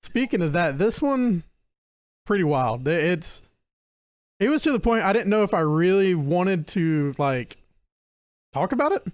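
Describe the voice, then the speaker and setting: A man's voice: high voice, big pitch swings, a little slow, long pauses, dry recording. Laid-back young man podcasting, dry sound. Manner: laughs often and stumbles over names while reading notes. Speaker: podcast host presenting a case. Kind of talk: casual podcast chat.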